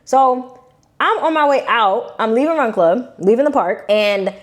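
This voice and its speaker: A young woman from Brooklyn with a New York accent, telling a personal story to her viewers in a casual, animated, slangy way. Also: a little high, unhurried. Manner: animated, slangy, acts out quotes in shifting voices. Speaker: vlogger.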